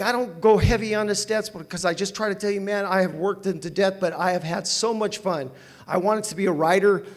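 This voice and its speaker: An older man from Southern California gives a personal storytelling talk at a recovery meeting, animated and self-mocking, and laughs often. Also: sits high. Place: meeting hall with audience.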